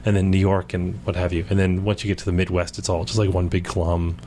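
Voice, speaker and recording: Fast-talking rambling man. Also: deep voice, level tone, dark tone, slight background noise. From Central Maryland. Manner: rambling, talkative. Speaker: co-host. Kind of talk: casual chat. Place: kitchen table at home.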